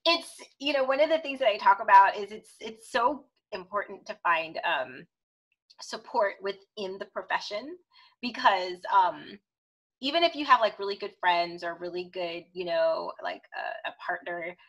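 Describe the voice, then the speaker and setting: Bright-voiced woman podcast host. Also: medium pitch, animated, muffled recording. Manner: bright, exclamatory, quick to laugh along. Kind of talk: casual podcast chat.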